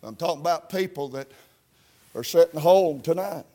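High-voiced fervent preacher man. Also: moderate pace. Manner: fervent, peppered with "uh, uh", climbing to shouts. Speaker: Baptist preacher. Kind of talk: revival sermon.

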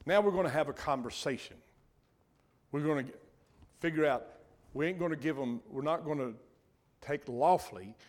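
An older man preaching a sermon in a folksy, earnest way, often breaking off mid-sentence and repeating himself. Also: on the high side.

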